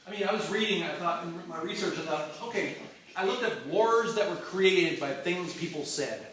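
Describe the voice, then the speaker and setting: A man preaching a sermon, telling stories in a lively, joking way with asides and restarts. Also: sits high, moderate pace, slight background noise. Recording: echoey hall from far off.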